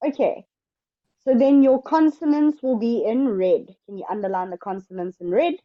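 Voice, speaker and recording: A woman teaching English in an online lesson, explaining step by step in a patient, slow way. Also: on the high side, muffled recording.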